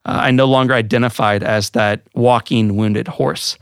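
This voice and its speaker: A man's voice: medium pitch, fairly even intonation, moderate pace, clean tone, no room sound, clean studio sound. A man hosts a podcast, telling a personal story in an earnest, emotional voice. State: voice thick with emotion. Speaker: podcast host.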